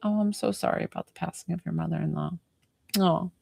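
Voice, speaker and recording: Lady chatting on a live stream, low gravelly voice, giggly, lots of likes and ums. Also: quick pace, warm tone, no echo. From United States. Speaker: psychic medium hosting a live stream. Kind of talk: casual live-stream chat.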